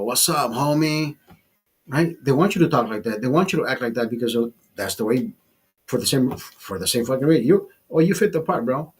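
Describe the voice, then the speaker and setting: A man's voice: mid-range voice, a little mellow, breathy edge. A man of fifty ranting in a casual monologue, blunt and profane, often restarting and repeating his words. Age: 50s. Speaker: vlogger.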